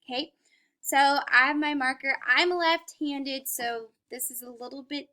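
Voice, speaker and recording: A woman's voice: sits high, measured pace, sharp tone. A young woman teaching a phonics lesson to young children at home, patient and encouraging.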